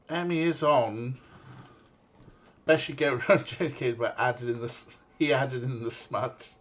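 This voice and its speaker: A man's voice: medium pitch, steady tone, a little slow. Chatty male streamer wrapping up. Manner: chatty and rambling, with frequent fillers and swearing. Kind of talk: casual livestream chat.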